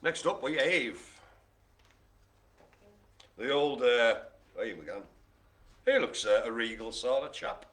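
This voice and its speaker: This man hosts a live-streamed bingo game, calling out each item with jokes and a playful showman's flair. His medium-pitched voice swings widely in pitch and has a fairly bright tone. He speaks slowly and pauses often.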